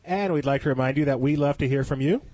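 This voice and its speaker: A man's voice: medium pitch, quick pace, warm tone, no echo. A man hosting a casual podcast, reading sponsor plugs and chatting with a light laugh. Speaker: podcast host.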